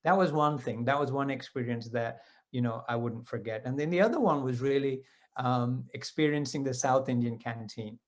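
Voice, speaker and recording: Man in his fifties, mid-pitched, telling a devotional story conversationally, with asides and self-corrections. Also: normal speed. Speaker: devotee sharing personal experiences. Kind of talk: personal storytelling talk.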